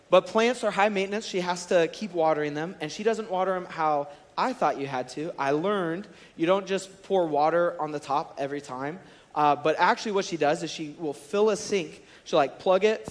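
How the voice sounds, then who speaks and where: A man in his thirties preaching a sermon as a college and students director, telling family stories in an animated, conversational way. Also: fairly high pitch. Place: large church auditorium. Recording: long hall reverb.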